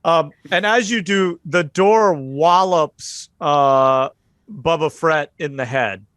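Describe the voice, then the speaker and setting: A man's voice: fairly high pitch, slow pace, a bit bright, no room sound. A man running a tabletop horror game as game master, narrating loosely with many fillers.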